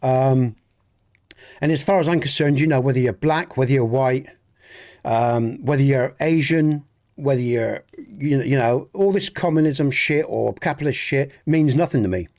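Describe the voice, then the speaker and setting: A man's voice: medium pitch, moderate pace, a little mellow. A middle-aged man with a Dorset accent, chatting casually and earnestly on a gaming live stream, often restarting his sentences and greeting viewers in the chat. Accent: Dorset English. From southwest England. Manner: rambling and earnest, many restarts, speaks to chat by name.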